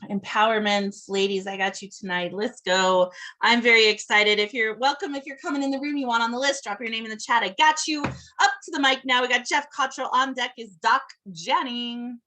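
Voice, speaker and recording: Slow-spoken woman poet on a video call. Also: on the high side, sharp tone. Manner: slow, deliberate delivery. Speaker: open mic host. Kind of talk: poetry reading and hosting.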